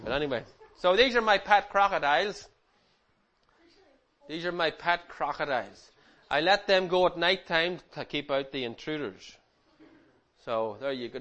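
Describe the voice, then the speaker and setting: Middle-aged man, higher-pitched voice, relaxed chatty slideshow presenter who teases the kids. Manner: chatty, teasing, animated with the audience. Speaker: speaker presenting slides to a group. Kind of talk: informal slideshow talk to a young audience.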